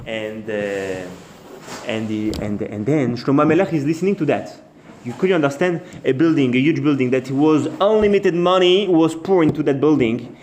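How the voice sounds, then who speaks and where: Halting rabbi telling a story in an echoey room. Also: male voice, on the high side, expressive, a little mellow. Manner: halting, repeats and restarts phrases; acts out the birds and the king in short quoted bits. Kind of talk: storytelling sermon. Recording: echoey room with faint noise.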